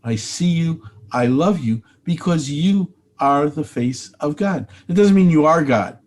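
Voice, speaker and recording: A man's voice: on the high side, animated, measured pace, a little mellow. An older man, a rabbi and spiritual teacher, speaking earnestly in an interview and repeating phrases for emphasis.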